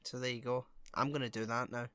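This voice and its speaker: A man co-hosting a podcast, chatting playfully with quick jokey asides. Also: medium pitch, flat delivery, a bit bright. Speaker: podcast co-host. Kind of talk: casual chat.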